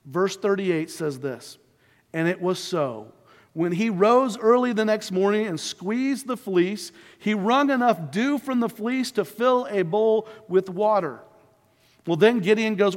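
Man, pastor, sermon, high voice, animated storytelling, echoing church hall. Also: a little slow. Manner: animated storytelling, voicing biblical figures. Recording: reverberant hall.

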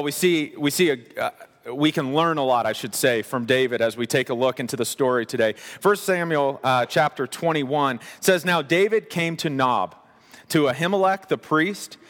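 A man with a fairly high voice preaching a sermon, stressing points through repetition and slipping into casual asides. His voice rings out with a long reverb, as in a large sanctuary. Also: fairly bright tone. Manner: emphatic repetition, conversational asides. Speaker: pastor.

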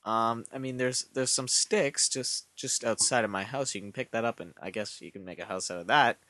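A man's voice: mid-range voice, normal speed, bright, forceful tone, dry recording, lightly acted. A man voicing a laid-back male dealer who sells house supplies online and speaks in an offhand, hesitant way.

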